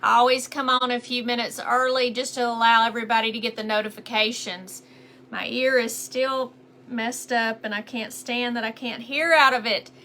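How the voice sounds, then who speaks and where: Chatty Southern woman, bright voice. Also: a little high, fairly even intonation, normal speed. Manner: chatty, greets viewers by name. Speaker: painting instructor on a livestream. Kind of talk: casual live painting tutorial. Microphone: phone on a mount.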